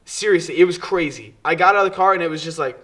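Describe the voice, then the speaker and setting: A young man co-hosting a casual podcast, spinning stories with plenty of energy. He swears freely and keeps slipping into impressions of the people he describes. His voice sits a bit higher than most men's. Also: fast. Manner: animated storytelling, swears freely, mimics people. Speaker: podcast co-host. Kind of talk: casual chat.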